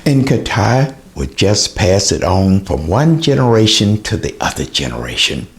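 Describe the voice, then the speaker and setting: A man giving an earnest, emotional lecture on child development. He often pauses with hesitations. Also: fairly low pitch, big pitch swings.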